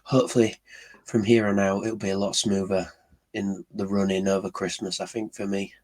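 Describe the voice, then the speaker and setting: A hoarse man co-hosting a casual football podcast, jokey and easygoing. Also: on the low side, flat delivery, normal speed, darkish tone. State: hoarse from illness. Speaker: podcast co-host.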